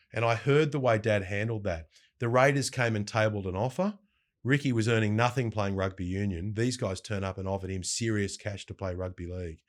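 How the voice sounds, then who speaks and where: Middle-aged Australian man, deeper register, animated anecdotal interview guest. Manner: lively anecdotes, mimics quoted voices. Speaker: breakfast radio host, guest. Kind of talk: casual storytelling interview.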